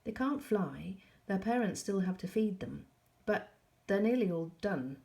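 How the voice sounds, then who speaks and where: A woman reading aloud, voicing a serious young girl who gives firm, hushed instructions. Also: mid-range voice, animated, a little slow, vocal fry, voice pushed up. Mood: earnest.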